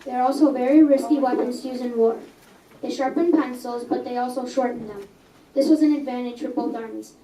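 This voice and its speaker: High-pitched young reader in an echoey café. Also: female voice, steady tone, a little fast, dark tone, slight background noise. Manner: earnest, with small stumbles and self-corrections. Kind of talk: reading own story aloud. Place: coffee house. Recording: echoey room, mic at a distance.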